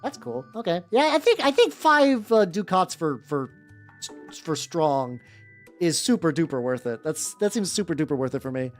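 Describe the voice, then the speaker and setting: Casual streamer man, very lively pitch, rambling, swears, faint music behind. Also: moderate pace. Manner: talks to chat while painting. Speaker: vtuber painting miniatures. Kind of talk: casual livestream chat. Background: faint background music.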